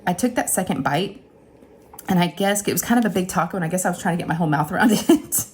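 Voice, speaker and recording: Chatty woman, lower voice, casual storytelling. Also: fast. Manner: chatty, animated retelling with acted-out quotes and laughs. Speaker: crafting channel host. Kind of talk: casual storytelling chat to viewers.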